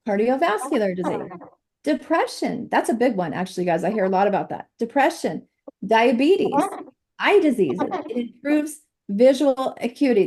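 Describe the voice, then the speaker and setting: A middle-aged woman giving a chatty, animated nutrition presentation over slides, laughing often. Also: a little high.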